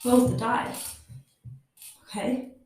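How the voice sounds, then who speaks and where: A woman's voice: extremely slow, a little mellow. A woman hosting a podcast, telling a personal story candidly in non-native English, swearing freely and acting out what others said. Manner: candid, swears freely, acts out quoted people. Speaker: podcast host. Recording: very echoey room, mic far off.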